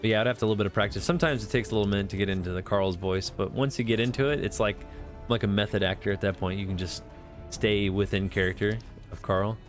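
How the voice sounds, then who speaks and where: A man's voice: fairly low pitch, fairly even intonation, quick pace, faint music behind. Rambling, profane male game streamer. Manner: rambling, profane, filler-heavy talk. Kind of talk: casual live-stream chat.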